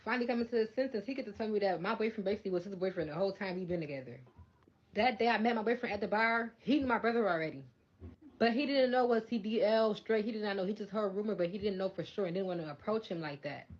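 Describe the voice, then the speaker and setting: A woman's voice: mid-range voice, quick pace, muffled recording. A woman telling a personal story in a blunt, matter-of-fact, casual way. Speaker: storyteller in a clip.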